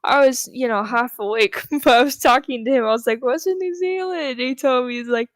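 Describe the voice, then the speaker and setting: A woman talks easily and laughs a lot, using plenty of casual slang. Her voice sits a little high. The sound is dry, with no echo. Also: fairly quick. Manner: relaxed, giggly, slangy. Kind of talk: casual chat.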